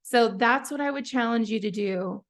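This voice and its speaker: Woman, app founder, casual tutorial delivery, slightly high voice with a gravelly edge, chatty and encouraging. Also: normal speed. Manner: chatty, encouraging, trails off and restarts. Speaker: app founder giving a product walkthrough. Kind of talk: casual live software tutorial.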